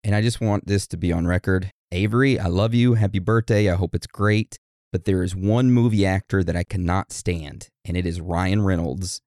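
A man co-hosting a podcast, reading birthday shout-outs in a casual, joking way. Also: low voice, fairly even intonation, normal speed, no echo, studio quality. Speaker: podcast co-host. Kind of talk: casual chat.

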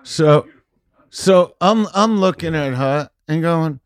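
A male guest comedian telling a story in casual podcast chat, brash and profane, often rising into loud rants. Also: a little high, expressive, takes it slowly, no room sound, studio quality.

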